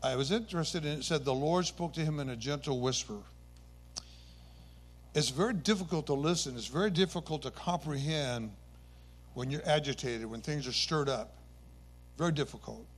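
A man preaching a sermon, retelling scripture stories with earnest emphasis and occasional self-corrections. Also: a little high.

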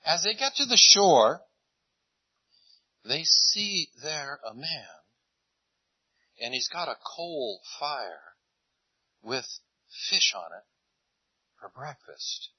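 A man preaching a relaxed storytelling sermon, chatty and unhurried. His voice carries a slight husk. The recording is close and dry, with a dull, lo-fi tone. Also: a little high, husky, dry recording. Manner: conversational storytelling, retelling scenes in lively voices. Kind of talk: sermon, retelling a Bible story.

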